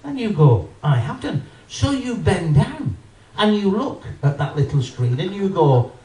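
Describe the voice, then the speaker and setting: A man doing an animated stand-up routine, talking straight to a live audience. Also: sits high, unhurried. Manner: animated, addresses the audience, acts out voices. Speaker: stand-up comedian. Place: live comedy venue with audience. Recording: roomy live venue, mic from a distance.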